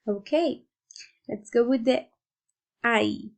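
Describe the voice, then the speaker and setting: A woman teaching English pronunciation in a careful lesson, drawing out vowel sounds slowly so learners can repeat them. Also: on the high side, gravelly. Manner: deliberate, drawn-out modeling of vowel sounds.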